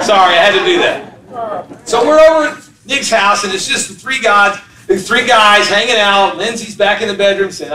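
A man's voice: high-pitched, animated, normal speed, bright, forceful tone. A man in his fifties preaching a sermon as pastor, telling stories, acting out voices and laughing along. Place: church sanctuary. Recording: echoey hall, mic from a distance.

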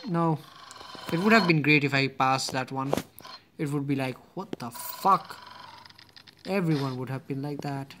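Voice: mid-range voice, moderate pace, background noise. A gamer giving casual gameplay commentary, muttering to themselves and swearing at the game.

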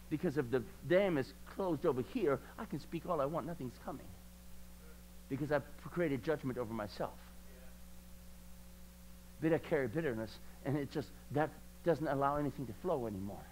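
A man preaching a sermon at a church service, repeating lines passionately and swinging between quiet talk and loud declarations. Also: mid-range voice, moderate pace, a little hiss or hum, rough recording.

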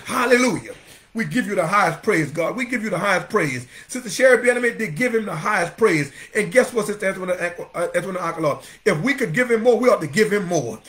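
A man's voice: sits high, fairly bright tone. A man preaching a fervent sermon as pastor, calling out members of the congregation by name.

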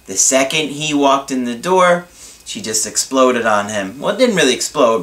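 A man giving relationship advice as a coach in a video monologue, explaining in a deliberate, reassuring way. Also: medium pitch, animated, fairly bright tone.

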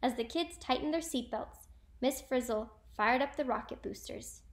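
A teacher reading a children's storybook aloud, clear and expressive. Her voice sits slightly high. She tells the story at an even, friendly read-aloud pace. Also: normal speed.

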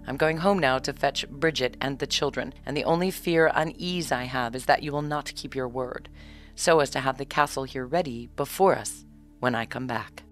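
A woman's voice: a bass voice, normal speed, soft background music. A woman reading a storybook aloud and voicing a bold, scornful countryman who is making wishes. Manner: confident and scornful.

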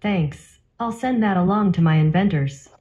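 A calm, polite female smart-speaker assistant, voiced by a woman, answering in a steady, helpful tone. The sound is dull and lo-fi, like playback through a small speaker. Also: lowish voice, normal speed.

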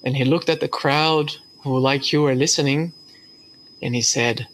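A man's voice: medium pitch, steady tone, normal speed, fairly bright tone, slight background noise. A man preaching a sermon as pastor, telling a story earnestly with hesitations.

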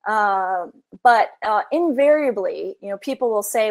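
A woman's voice: medium pitch, expressive, unhurried. A middle-aged woman psychologist leading a workshop in a casual, conversational way, full of "you know" and "like".

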